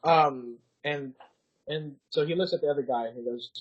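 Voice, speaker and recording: A man's voice: fairly high pitch, moderate pace. A young man narrating as dungeon master, rambling through his scenes with lots of fillers. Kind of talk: narrating a tabletop game. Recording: dull lo-fi podcast audio.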